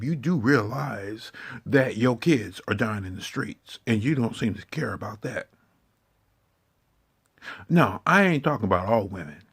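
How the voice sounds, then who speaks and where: A man's voice: medium pitch, husky. A man giving an impassioned, confrontational monologue, swearing heavily and lecturing his listeners. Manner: preachy, confrontational, heavy swearing.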